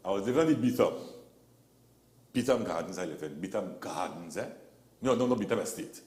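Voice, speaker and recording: A man tells stories as a talk show guest, lively and expressive, voicing the people he quotes. His pitch moves around a lot. The room gives a noticeable echo. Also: a little fast. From Trinidad and Tobago. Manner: animated storyteller, acts out quotes. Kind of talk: casual talk show conversation.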